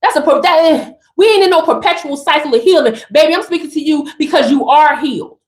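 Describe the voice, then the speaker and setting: A woman's voice: high-pitched, quick pace, echoey room. A woman giving an emphatic, sassy motivational spiritual talk straight to her listeners.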